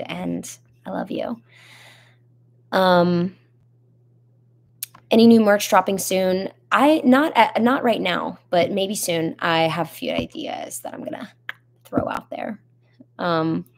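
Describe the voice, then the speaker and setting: A woman's voice: fairly low pitch, vocal fry, a little mellow. A young woman singer casually chatting on a live stream, answering fans' comments with lots of ums and giggles. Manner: giggly, rambling, with many ums. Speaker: singer in a band, hosting a live chat. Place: home in Nashville.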